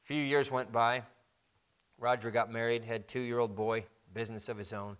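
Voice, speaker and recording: A man's voice: mid-range voice, level tone, normal speed, a bit bright, clean tone. A man preaching a sermon, telling a story and leading a prayer, with emphatic repetition of key phrases.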